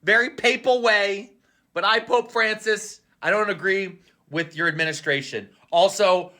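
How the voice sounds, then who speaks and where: A man delivering a comedic monologue, animated, slipping in and out of mocking impressions. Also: high-pitched, a little slow. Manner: animated, jumps in and out of mocking character voices.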